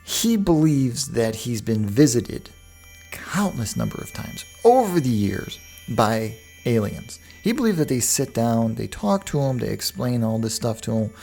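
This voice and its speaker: A man talking alone into the mic as a podcast host, wandering off on tangents and circling back. His voice has a gravelly edge and a lively, swinging pitch. Faint music sits under his talk. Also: measured pace. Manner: rambling, digressive, with frequent restarts. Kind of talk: casual monologue.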